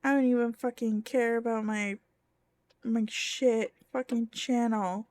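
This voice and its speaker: A woman's voice: fairly high pitch, steady tone, a little slow, darkish tone, no room sound. A young woman livestreaming a game, chatting casually, swearing and laughing in exasperation. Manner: profane, exasperated, laughing often. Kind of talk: casual gaming stream chat.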